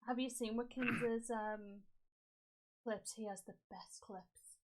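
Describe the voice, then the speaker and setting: A young adult woman hosting a casual podcast chat, telling animated stories with plenty of swearing. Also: a little high, slow, background noise. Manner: animated storytelling, frequent swearing and laughs. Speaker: podcast host.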